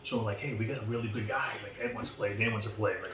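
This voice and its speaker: Boston man telling stories, low voice. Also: rapid-fire. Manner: animated, acts out quoted exchanges. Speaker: podcast guest. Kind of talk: casual storytelling. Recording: roomy, distant mic, faint background noise.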